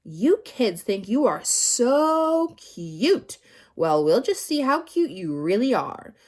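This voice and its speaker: A woman voicing a temperamental female schoolteacher in a children's audiobook, high and sharp, swinging from snapping to sweetly apologetic. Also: sing-song, normal speed. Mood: menacing. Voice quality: high, sharp and shouty when angry.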